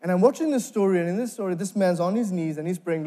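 A young man from Sri Lanka, with a mellow voice that sits high, gives a faith testimony, telling his story with acted-out dialogue and quick laughs.

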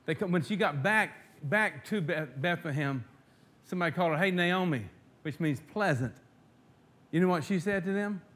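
A man with a slightly higher voice preaches a sermon, swinging from quiet, confiding asides to loud, drawn-out readings of scripture. He calls the listeners friends and often restarts his sentences. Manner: rises to loud emphatic reading of scripture, drops to soft asides; repeats words and restarts, addresses congregation as friends. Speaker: pastor.

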